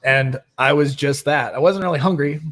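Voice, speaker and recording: A man's voice: on the high side, normal speed, fairly bright tone. A young man hosting a nightly recovery livestream, chatting casually and greeting viewers by name.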